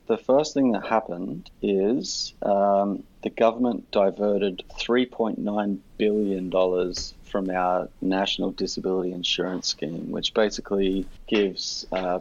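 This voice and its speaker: Gravelly deep-voiced Australian man. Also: darkish tone, dull audio. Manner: blunt, profane, storytelling ranting. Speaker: podcast guest. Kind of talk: casual chat.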